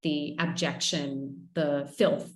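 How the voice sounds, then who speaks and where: A woman's voice: low voice, fairly even intonation, slow pace, slight background noise. A woman interviewing a novelist over a video call, playful and reading out audience questions. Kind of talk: conversational literary interview. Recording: roomy video call audio.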